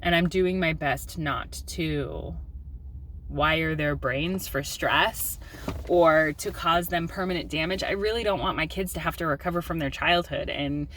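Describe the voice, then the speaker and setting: Woman, thirties, mom vlogger, lowish voice, confessional, candid, faint background hiss. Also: a little slow, fairly bright tone. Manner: open and confessional, with filler ums and self-deprecating laughs. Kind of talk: candid personal vlog.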